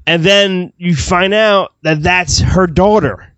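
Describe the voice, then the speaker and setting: A man co-hosting a casual movie review podcast, excitable and gushing, swearing freely. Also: high voice, slow, clean tone, no room sound, highs cut off. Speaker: podcast co-host.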